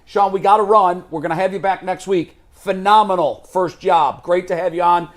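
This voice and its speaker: A man's voice: high voice, fairly even intonation, normal speed. A man hosting a sports talk show, chatting casually and agreeing emphatically with his co-hosts.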